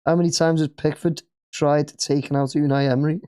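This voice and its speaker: A man's voice: fairly high pitch, little pitch movement, brisk, mellow, clear, resonant tone. A man with an English accent hosting a live football watch-along, chatting casually and cheering at the play.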